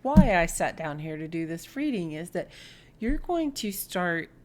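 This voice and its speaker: A woman giving a spiritual tarot reading, telling a personal story in an earnest, heartfelt way and sometimes dropping to a soft whisper. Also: lowish voice, big pitch swings, a little slow. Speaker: tarot reader.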